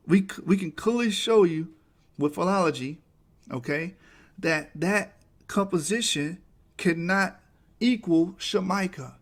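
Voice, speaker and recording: A man's voice: on the high side, lively intonation, unhurried. A man talking through a slide presentation, emphatic and often asking "right?" to the listener.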